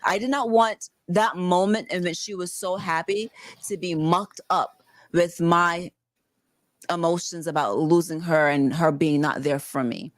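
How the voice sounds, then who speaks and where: A woman from the Bronx, a podcast guest telling a personal story in casual talk, animated and swearing freely. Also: on the low side, a little slow, no room sound. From the Bronx, New York.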